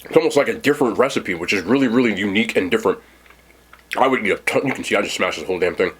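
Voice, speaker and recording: A man's voice: on the low side, expressive, very fast, a bit bright, a little hiss or hum. A man hosting a casual mukbang food review, chatting to viewers while he eats. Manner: chatty, talks while eating. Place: seated indoors at home.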